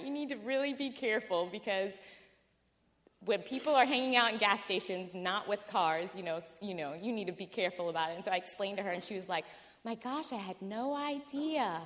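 A woman's voice: mid-range voice, a little fast. Laughing woman telling a story in a hall. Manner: animated, laughing, filler-heavy storytelling. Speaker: guest storyteller. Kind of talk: casual anecdote told to a live audience.

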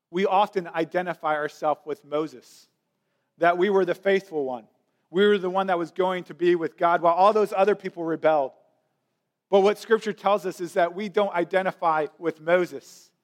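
A male pastor preaching a sermon, speaking earnestly, slowing down to stress key lines and often repeating words as he restarts. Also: sits high.

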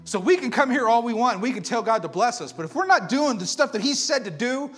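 Over faint background music, a fast-talking man with a very high, husky, expressive voice delivers a fervent sermon. He alternates booming proclamations with quiet intensity and keeps throwing out rhetorical questions.

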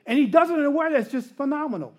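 A middle-aged man preaching a sermon, telling personal stories with frequent laughter and sliding from animated bursts into hushed, intimate passages. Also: very high-pitched, very fast. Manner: animated storytelling that drops to hushed, intimate tones. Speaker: pastor.

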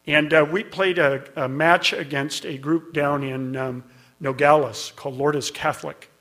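A man's voice: a little high, fairly even intonation, unhurried, a bit bright. A middle-aged man preaching a sermon, telling a story in a conversational way and building to emphatic peaks. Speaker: pastor.

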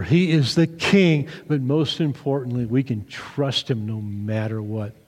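A man's voice: mid-range voice, measured pace, a little mellow, long reverb tail. A man pastor giving a children's sermon, retelling a story with animation and asking the kids questions.

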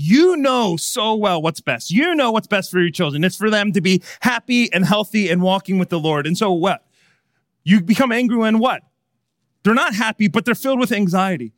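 Animated preaching man, dry sound. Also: sits high, no room sound. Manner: animated preaching, swinging from hushed to emphatic. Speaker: pastor. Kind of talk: sermon.

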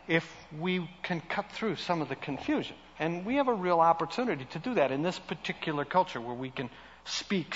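A male pastor preaching a conversational, self-deprecating sermon in an animated way. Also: on the high side, big-room sound, dull audio.

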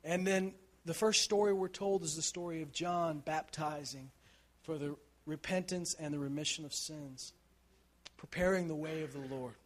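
High-pitched guy preaching, chatty storyteller, acts out the quotes, keeps saying right?. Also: normal speed. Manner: animated storytelling, acts out quotes, shouts for emphasis; conversational, asks "right?" often. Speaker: pastor. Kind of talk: sermon.

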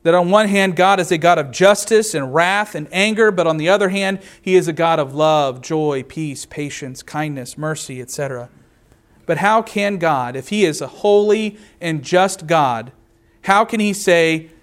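A man preaching a sermon, reading scripture aloud and explaining it verse by verse, earnest and slowing down to stress key words. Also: a little high. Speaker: pastor.

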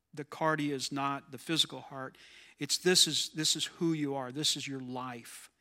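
A man delivers a sermon in a slightly high, forceful and bright voice. He talks conversationally and keeps asking the congregation questions. His voice rings with a long hall reverb. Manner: conversational, asks the audience questions. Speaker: preacher.

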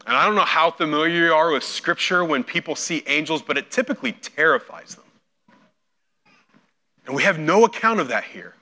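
A man's voice: fairly high pitch, expressive, fairly quick. A man preaching a sermon, retelling a scripture scene and acting out the voices in it. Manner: storytelling, acts out quoted voices with big swings in loudness. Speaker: pastor.

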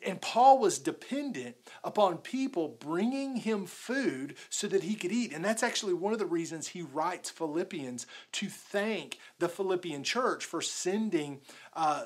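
Male pastor, laid-back talky sermon delivery, relaxed, peppered with "like". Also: high voice, measured pace. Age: adult, married with a daughter. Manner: casual, conversational preaching with many "like"s.

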